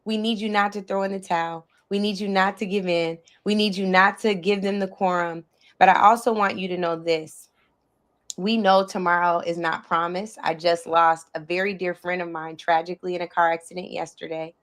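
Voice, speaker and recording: A woman's voice: fairly low pitch, fairly even intonation, normal speed, fairly bright tone. A woman hosting a live online panel, speaking with heartfelt emotion and rallying her guests. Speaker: host.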